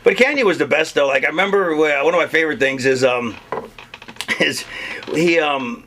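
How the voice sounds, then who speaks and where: A man's voice: a little high, normal speed, sharp tone, slight background noise. A man telling profane, laughing road stories in a casual interview. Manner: profane, chuckling storyteller. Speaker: wrestling interview guest. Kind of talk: casual storytelling.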